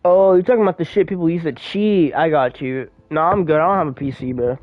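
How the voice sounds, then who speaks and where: A man's voice: a little high, fast talker, dry recording, highs cut off. Slangy, cursing young man gaming. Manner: profane, slangy, exasperated rambling. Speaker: streamer. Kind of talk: live-streamed gameplay commentary.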